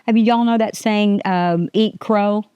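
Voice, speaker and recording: A woman's voice: mid-range voice, steady tone, unhurried, warm tone, smooth, dry recording, lo-fi sound. Chatty older woman, dry close mic. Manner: chatty, rambling, frequent restarts and laughs. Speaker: podcast host. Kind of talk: casual faith talk.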